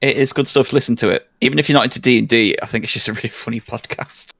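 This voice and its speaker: A man's voice: medium pitch, fast talker, gravelly, fairly bright tone. A man co-hosting a live podcast, blunt and teasing, swearing casually. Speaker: podcast co-host. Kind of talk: casual live-stream chat.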